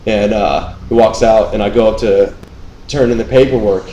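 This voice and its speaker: A young man hosting a casual podcast, telling a long, profane, animated story about a lazy coworker. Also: lowish voice, moderate pace. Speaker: podcast host. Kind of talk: casual chat. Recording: echoey room, faint noise.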